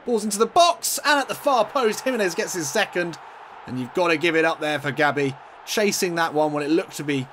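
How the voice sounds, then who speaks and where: A man's voice: fairly high pitch, fairly bright tone, slight background noise. A man commentating over his own football video game in a mock sports-broadcast style, swinging into exasperated outbursts. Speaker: gaming commentator. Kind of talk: let's-play football commentary.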